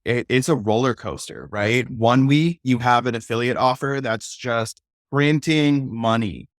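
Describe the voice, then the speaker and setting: A man's voice: mid-range voice, measured pace, no room sound, studio quality. Earnest man hosting a podcast. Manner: earnest, tags points with "right?". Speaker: podcast host. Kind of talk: casual conversational interview.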